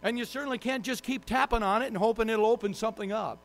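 A male pastor with a notably high voice opens his sermon with a self-mocking story. He acts out his own frustration as he tells it, and a faint hum sits under the recording. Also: fast, hardly any pauses. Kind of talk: sermon with humorous personal story. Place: church sanctuary.

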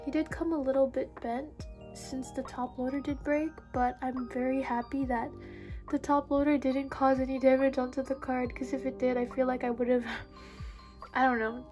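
High-voiced young woman, gushing vlogger opening mail, music underneath. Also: moderate pace. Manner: excitable, gushing, breathy exclamations. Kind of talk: unboxing haul vlog. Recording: background music.

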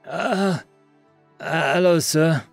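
A man's voice: a little high, drawn-out words, gravelly, no echo, faint music behind, voice pushed up, exaggerated voice. A man voicing a cheerful, reckless human soldier who talks casually and shrugs off danger.

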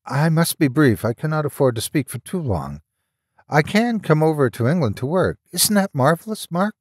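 A woman's voice: sits low, big pitch swings, moderate pace, breathy edge, no echo, clean studio sound, pitched above the performer's own voice, heavily acted. A man voicing a delighted young woman on a long-distance call, eager and pleading. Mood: excited.

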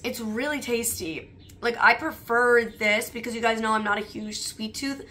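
Bright chatty young woman vlogger. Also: fairly high pitch, fairly even intonation, moderate pace, a little hiss or hum. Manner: chatty, leans on "like" as filler. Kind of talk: casual chat while taste-testing snacks.

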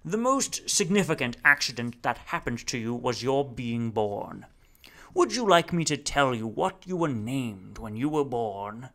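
A man's voice: very animated, normal speed, hardly any pauses, bright, forceful tone. A man voicing a grandiose, preaching figure who lectures a crowd in solemn, declamatory tones. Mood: questioning. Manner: solemn, declamatory, booming calls.

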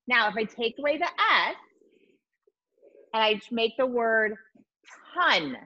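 A woman teacher leads a virtual lesson for small children, her voice a little high and swinging widely up and down. She is encouraging and sing-song, stretching out letter sounds. The audio is dull and lo-fi, like a video call. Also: animated, slow.

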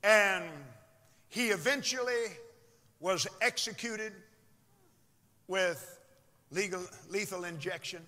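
A man preaching a sermon in a church, dramatic and swinging from loud shouts to hushed whispers. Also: sits high, takes it slowly, long pauses. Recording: long reverb of a large hall.

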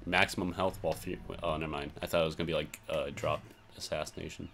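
A man's voice: a bass voice, little pitch movement, quick pace, creaky, a bit bright, slight background noise. A young man who speaks English as a second language, chatting casually and laughing easily while explaining moves in a co-op game. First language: not English. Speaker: gamer co-host. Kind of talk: casual let's-play banter.

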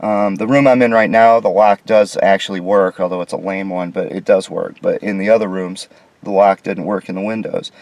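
American man, deep-ish voice, griping sarcastically while filming a hotel room. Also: fairly even intonation, normal speed, gravelly, darkish tone, dry recording. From United States. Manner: sarcastic, indignant complaints. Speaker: vlogger reviewing a hotel room. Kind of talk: casual walkthrough narration.

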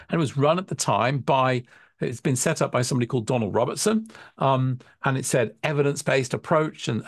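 A man speaks earnestly in a mid-pitched, gravelly voice, thinking aloud and often restarting his sentences. The sound is dry and close, with no room around it. He talks as a hypnotherapy tutor reflecting on his path. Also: no room sound. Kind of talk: reflective webinar talk.

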